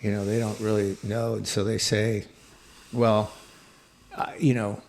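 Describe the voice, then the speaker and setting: A man's voice: on the low side, level tone, unhurried, vocal fry, darkish tone, slight background noise. A middle-aged man, a podcast guest, telling a personal story reflectively, with many fillers and restarts.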